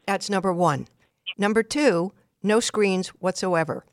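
An older woman runs a call-in radio advice show, her tone blunt and commanding as she lays out numbered steps for the caller. The studio sound is close and dry, and she speaks at a middle pitch. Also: a little slow, dry recording. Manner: blunt, directive, lists numbered instructions.

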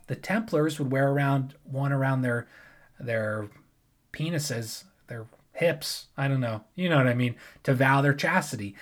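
A man casually explaining history in a loose, rambling way, often correcting himself and wandering into asides. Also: medium pitch. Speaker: history presenter.

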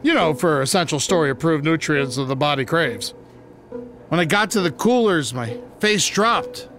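A man narrating a comic tale in a grave, mock-heroic deadpan, his voice sitting high for a man. He breaks into sudden shouted lines. Clear music plays under him the whole time. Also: normal speed. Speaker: guest preacher telling a comic story. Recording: music bed behind the voice.

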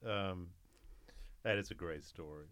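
Man, interviewer, very deep voice, friendly prompts, dry recording. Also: fairly bright tone, no room sound. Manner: friendly, encouraging prompts and quick reactions. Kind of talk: casual interview.

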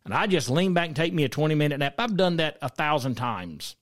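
A man's voice: fairly high pitch, lively intonation, a little fast. A middle-aged man, from South Carolina, hosting a podcast and giving opinionated commentary in a conversational way, asking listeners questions and telling stories from his own life. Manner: conversational, asks listeners questions, storytelling asides. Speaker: podcast host.

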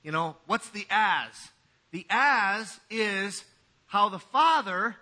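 A man's voice: sits high, expressive, takes it slowly, bright, forceful tone. A man pastor giving a sermon in a conversational, joking way.

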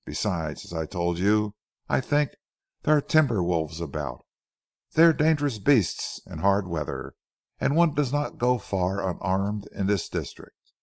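A man reading as a scornful gentleman. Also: low-pitched, big pitch swings, unhurried, creaky, no room sound, clean studio sound, full character voice. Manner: scornful, dismissive laughter in his words. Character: haughty young gentleman cousin, mocking.

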